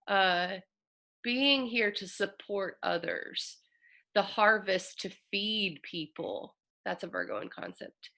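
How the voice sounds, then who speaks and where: Bright, gravelly woman astrologer. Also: mid-range voice. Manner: earnest, emotional, reflective. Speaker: astrologer host. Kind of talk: casual spoken astrology talk.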